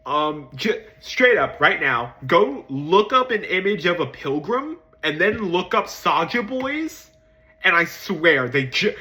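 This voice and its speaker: A man giving a casual spoken film review, hesitant with many ums and restarts, swearing casually and jumping into excited emphasis. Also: slow. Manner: jumps to excited high-pitched emphasis.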